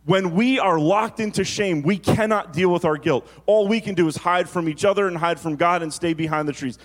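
In a high-pitched voice, a man gives a sermon as pastor; he tells stories quickly, then draws key phrases out slowly for emphasis.

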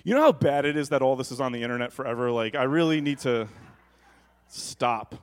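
A man preaching a sermon as pastor, rising to loud emphatic lines and slipping into joking asides. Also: mid-range voice, animated, brisk.

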